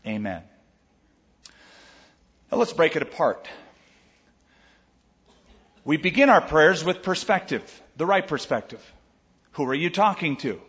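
An older man preaching a sermon as pastor, in a conversational, animated way with asides to his listeners. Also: a little high, measured pace, pauses often, in a large hall, highs cut off.

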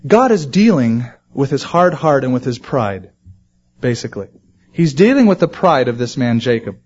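A man preaching a sermon to his congregation, animated and acting out quoted voices. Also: mid-range voice, normal speed, husky, lo-fi sound. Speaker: pastor.

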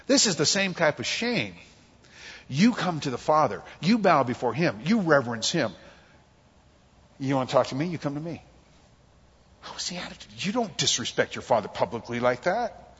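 A man's voice: fairly high pitch, moderate pace, slightly rough, in a large hall, lo-fi sound. A man preaching a conversational sermon, acting out quotes and jokes from his family life. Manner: animated, conversational, acts out quotes. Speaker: pastor. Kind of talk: expository sermon.

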